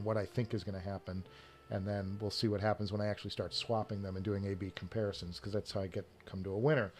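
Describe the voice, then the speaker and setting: A man's voice: mid-range voice, a little hiss or hum. A man hosting a casual live stream, rambling with restarts and short laughs as he talks about headphones and reads the chat.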